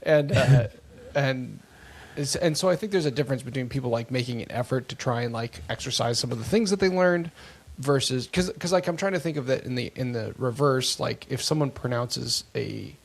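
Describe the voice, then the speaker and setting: Gravelly man rambling casually. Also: medium pitch, fairly quick. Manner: rambling, animated storytelling with many fillers. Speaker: podcast co-host. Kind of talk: casual chat.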